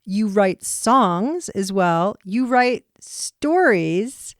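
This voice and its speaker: A woman's voice: mid-range voice, very slow, dry recording. A woman hosts a children's radio show, interviewing a guest from her own studio with enthusiasm. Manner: excited and enthusiastic.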